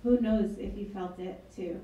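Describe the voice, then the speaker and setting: A woman's voice: mid-range voice, steady tone, unhurried, mellow, distant mic, dull audio. A woman author reading her book aloud at an event, with wry, chatty asides. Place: event hall. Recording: echoey hall, mic from afar.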